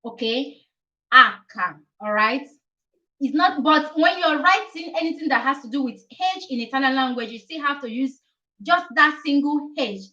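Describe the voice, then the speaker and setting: A woman's voice: high voice, expressive, moderate pace, sharp tone, lo-fi sound. A young woman hosting a casual live-stream lesson, repeating each point and often checking with "okay?". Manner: repetitive, explains each point several times with many "okay?" checks. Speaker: language teacher hosting a live chat.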